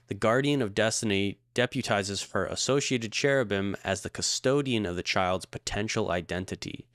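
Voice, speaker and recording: A man reading religious passages aloud in a measured, careful way for a podcast. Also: lowish voice, a bit bright, clean tone, no room sound, studio quality. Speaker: co-host reading the text aloud.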